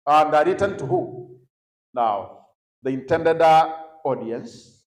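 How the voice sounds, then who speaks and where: A man's voice: fairly high pitch, expressive, slow pace, long pauses, reverberant, rough recording. A man with a Kenyan accent teaching young people at a conference, often prompting the audience to finish his sentences and slipping in Swahili phrases. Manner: mixes English with Swahili phrases. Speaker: youth conference speaker. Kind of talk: teaching a session to a youth audience. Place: large echoey conference hall.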